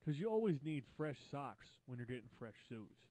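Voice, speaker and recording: A man trading quips on a comedy talk show, dry and crude in his humor. The sound is close and dead. His pitch is ordinary. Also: very animated, normal speed, mellow, no echo. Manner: dry, joking interjections. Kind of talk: casual chat.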